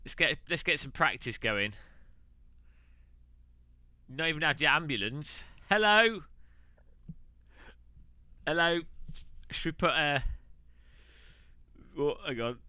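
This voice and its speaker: A man's voice: fairly high pitch, bright, forceful tone, dry recording. A man chatting casually and rambling on a live stream while sim racing. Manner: chatty, rambling, quick asides.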